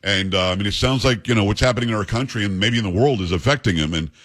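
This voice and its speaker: Man, talk radio host, blunt, opinionated, husky, studio mic. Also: lowish voice, a bit bright. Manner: blunt, opinionated, rapid asides. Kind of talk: talk radio monologue and call-in. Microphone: studio microphone.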